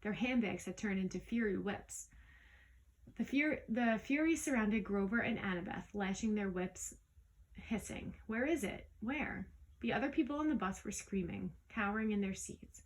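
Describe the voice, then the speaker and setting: A woman reading a storybook aloud in the first person, lively, with small slips that she corrects as she goes. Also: medium pitch, moderate pace, rough recording. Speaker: audiobook reader. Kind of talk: storybook read-aloud narration.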